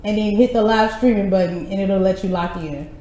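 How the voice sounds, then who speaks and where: A woman's voice: mid-range voice, fairly quick, mellow. A woman hosting a live web show in casual chat, slangy and laughing often.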